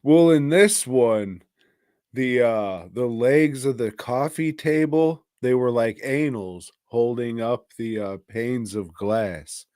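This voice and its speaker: Slow-talking podcast co-host, mid-pitched man, rambly and profane recap in a dry-sounding room. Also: darkish tone, no room sound. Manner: rambling, profane, laughing at his own story. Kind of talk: casual movie-recap chat.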